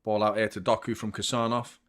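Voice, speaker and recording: A man's voice: fairly low pitch, little pitch movement, a little fast. A young man hosting a live football watchalong, commenting on the match and swearing freely as he gets heated.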